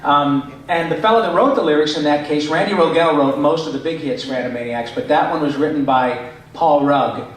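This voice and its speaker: A man's voice: fairly high pitch, brisk. A middle-aged man, a voice actor, chatting to fans at a convention panel with plenty of fillers. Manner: chatty, rambling, with many fillers. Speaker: voice actor answering fan questions. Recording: echoey hall, distant mic.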